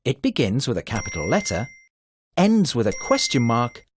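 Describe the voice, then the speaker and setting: A man narrating a children's grammar video in a slow, sing-song scripted style with a husky voice. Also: mid-range voice, wildly swooping pitch, a little hiss or hum.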